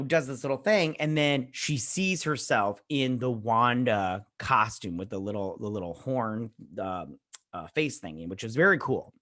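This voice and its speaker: Male host, mid pitch, loose rambling recap delivery, dry booth sound. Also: a bit bright, no echo. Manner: rambling, filler-heavy retelling with many "uh" and "all like". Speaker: show host. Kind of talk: casual episode recap.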